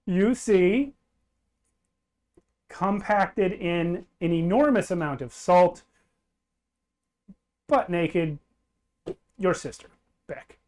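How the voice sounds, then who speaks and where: A man's voice: sits high, lively intonation, extremely slow, long pauses, a little mellow. A man narrating a tabletop game as game master, easygoing and laughing often.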